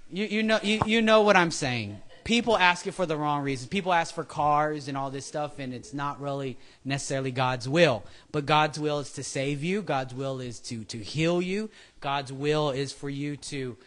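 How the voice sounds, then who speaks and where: A man with a slightly high, fairly bright voice preaches a casual sermon. He's chatty and drifts off on tangents, putting on voices to act out what people say.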